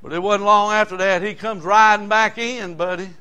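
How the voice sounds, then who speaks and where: A man, preaching a folksy, animated sermon. His voice sits high and sounds bright and forceful. He slips homespun asides in between the scripture stories. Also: moderate pace, smooth. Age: 60s.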